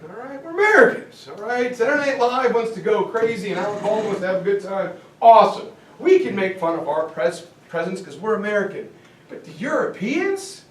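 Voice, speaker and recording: A man lecturing on history in a lively, joking way. His voice runs high and bright. He is picked up from a distance in a roomy, echoing hall with a faint hiss behind. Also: brisk. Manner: animated, joking, slips into comic voices. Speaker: history teacher. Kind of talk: jokey classroom lecture. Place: classroom or hall. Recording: echoey room, far from mic, faint hiss.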